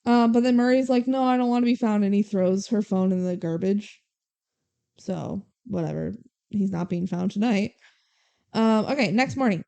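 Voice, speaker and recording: A young adult woman co-hosting a podcast, retelling a movie plot in animated casual chat with swearing and acted-out quotes. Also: medium pitch, normal speed, gravelly. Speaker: podcast co-host.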